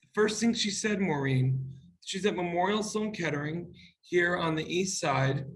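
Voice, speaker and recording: A man's voice: sits high, moderate pace, low-quality recording. A man hosting an interview, effusive and emotional as he praises his guest and shares a personal story. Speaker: interview host. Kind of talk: casual interview chat.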